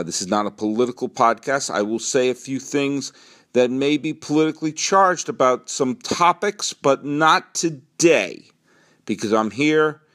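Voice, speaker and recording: A middle-aged man with a New England accent hosts a solo sports podcast. He rambles in an animated way, swinging between low asides and excited outbursts.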